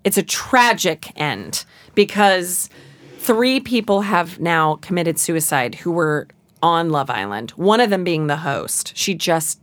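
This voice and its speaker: A woman's voice: fairly low pitch, expressive, takes it slowly, a bit bright. A woman guest in casual conversation who tells chatty stories dramatically, acting out quotes. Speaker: guest, singer. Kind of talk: casual chat.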